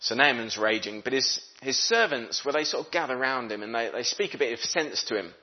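A man's voice: mid-range voice, lively intonation, brisk, muffled recording. A man preaching a sermon, reading scripture aloud and talking it through in an easy, conversational way, sometimes voicing what the characters think. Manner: conversational, voices characters' thoughts.

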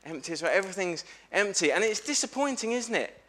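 A man giving a lively family sermon in church, telling a story and asking the congregation questions. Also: sits high, quick pace. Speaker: preacher at a family service. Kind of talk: lively all-age sermon with questions to children.

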